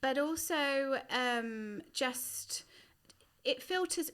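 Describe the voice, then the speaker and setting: A middle-aged woman, a guest writer, talking in a casual podcast chat, animated and chatty, with quick bursts and laughs. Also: sits high.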